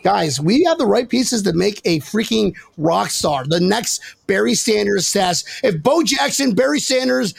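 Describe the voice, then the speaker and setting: Excitable high-voiced man with gravelly edge. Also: a little slow, hardly any pauses. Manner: excitable, joking, talks over others. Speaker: podcast host. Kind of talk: casual sports banter.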